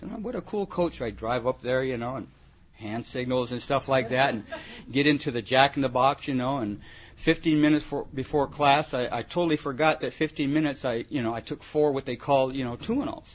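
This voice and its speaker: A man's voice: on the high side, brisk, a bit bright. A man sharing humorous stories at a recovery meeting, rambling and full of "you know" and "man". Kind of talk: humorous storytelling to a live audience. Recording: muffled recording with audience laughter.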